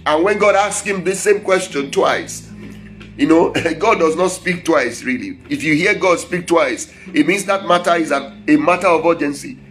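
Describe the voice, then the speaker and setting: A man preaching a sermon, reading scripture slowly and breaking off to explain it with asides and chuckles. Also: on the high side, a bit bright, soft background music, poor audio.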